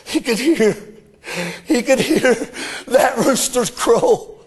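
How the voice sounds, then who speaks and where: A male preacher delivering a sermon in a very high voice with a slow, drawn-out pace. His delivery is fervent, climbing again and again into shouts. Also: breathy edge.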